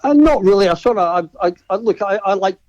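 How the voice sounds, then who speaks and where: A man, a former footballer guest, telling stories in a relaxed, casual way with a laugh here and there. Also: high-pitched, fast, dry recording, lo-fi sound. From Scotland. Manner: relaxed storyteller, laughs between lines. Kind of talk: casual chat.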